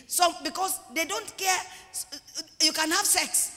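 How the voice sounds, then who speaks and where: Sex: man. Role: pastor. Style: emphatic sermon with repeated lines and shouts. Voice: very high and bright. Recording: long reverb in a large church hall. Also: animated, a little slow, soft background music. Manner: emphatic preaching, repeats phrases, rises to shouts.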